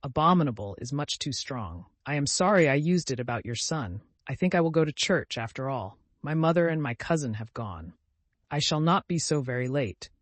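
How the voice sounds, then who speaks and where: A prim, proper young woman, as a male reader puts her on, clipped and a touch higher and louder than his narration. The storybook sound is close and dry. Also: lively intonation, moderate pace, dry recording, natural voice. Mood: flustered.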